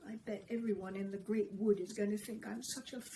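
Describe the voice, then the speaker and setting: A woman's voice: medium pitch, fairly even intonation, fairly quick, dark tone, slight background noise, natural voice, rough recording. Woman doing a shy stammering crow, Mister Crow. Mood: sad. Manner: stammering, hesitant, trembling. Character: timid anxious male crow, gentle and shy. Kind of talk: storybook reading.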